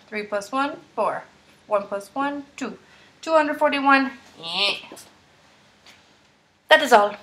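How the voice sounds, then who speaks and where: A woman's voice: on the high side, a bit bright. A young woman, a third-grade math teacher, walking through problems step by step in an upbeat, encouraging way. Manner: upbeat, encouraging, walks through steps aloud. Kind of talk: screen-recorded math tutorial.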